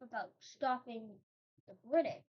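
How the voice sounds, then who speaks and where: A woman's voice: a little high, a little slow, darkish tone. A woman host telling a made-up history story in a casual, rambling way, breaking off into joking asides. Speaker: channel host. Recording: dull lo-fi recording.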